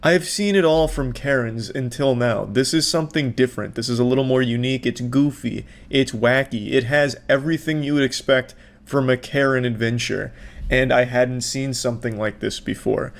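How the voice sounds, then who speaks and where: A man's voice: medium pitch, normal speed, vocal fry. A man giving casual, sarcastic commentary on a video, swearing freely and mocking what he sees. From Florida, US.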